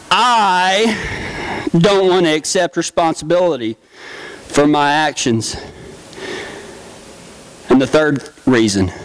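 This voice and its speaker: A middle-aged man giving a humorous storytelling talk from a stage, folksy and quick to laugh. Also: a little high. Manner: folksy, animated, laughs often. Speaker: stage speaker.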